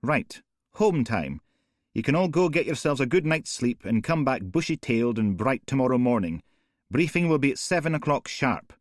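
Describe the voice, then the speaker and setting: A man voicing a detective chief giving brisk, commanding orders. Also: medium pitch, big pitch swings, no echo, clean studio sound, pitched above the performer's own voice, close to an everyday voice.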